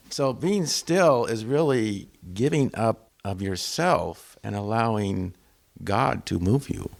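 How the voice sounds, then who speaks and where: A man in a spiritual discussion group with a low voice that has a gravelly edge. He works through his point earnestly, one step at a time. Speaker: discussion participant.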